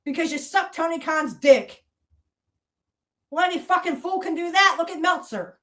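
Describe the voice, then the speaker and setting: A woman with a very high, bright voice and a forceful tone hosts a podcast, launching into an angry, profane rant. She accuses and keeps throwing out the same rhetorical challenges over and over.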